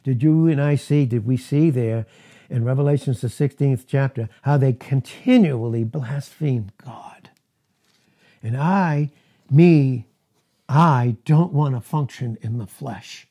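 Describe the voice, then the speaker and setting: A husky-voiced man preaching a sermon. He talks emphatically and often leaps into high, animated bursts of emphasis. His voice has a slightly breathy edge. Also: unhurried.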